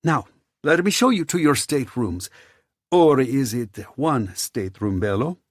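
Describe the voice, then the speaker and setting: A flamboyant, effusive man in silk and eyeliner, as a male narrator does him gushes and teases in a high, swooping voice. The sound is dry and close, with a husky edge. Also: expressive, a little slow, no room sound. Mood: coaxing. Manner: gushing, teasing, theatrical.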